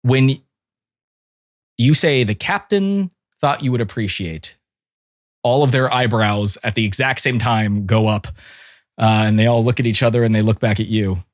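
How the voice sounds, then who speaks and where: A man narrating as game master in a tabletop role-playing game, casual and quick, slipping briefly into character voices. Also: medium pitch, no room sound, studio quality.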